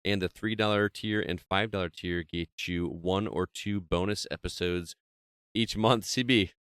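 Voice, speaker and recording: Male podcast host, low smooth voice, dry close mic, casual and self-deprecating. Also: fairly even intonation, unhurried, a bit bright, no room sound. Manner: chatty, self-deprecating, laughs often.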